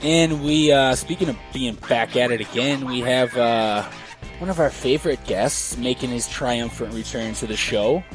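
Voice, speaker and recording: Male podcast host, mid-pitched, casual, laughs a lot. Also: moderate pace, over music, rough recording. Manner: laughs often, rambling with fillers. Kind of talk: casual chat.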